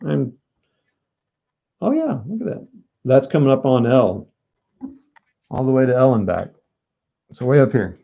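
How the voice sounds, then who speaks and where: A man's voice: medium pitch, big pitch swings, measured pace, creaky, long pauses, lo-fi sound. A man streaming a board wargame live, joking, mocking himself and talking to his viewers. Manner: joking, self-mocking, talks to chat. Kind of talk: casual live-stream commentary.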